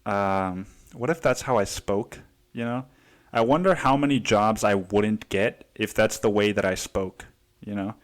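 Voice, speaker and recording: A man's voice: fairly low pitch, measured pace. A man from Mexico hosting a casual solo podcast, rambling and swearing freely as he tells stories about his day. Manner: rambling, profane, storytelling with quoted voices. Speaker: podcast host.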